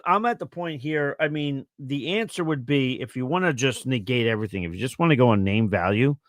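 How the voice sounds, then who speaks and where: A man's voice: mid-range voice, fairly bright tone, no echo, clean studio sound. A man co-hosting a casual fantasy football show, reading viewer questions aloud and thinking through answers with easy fillers.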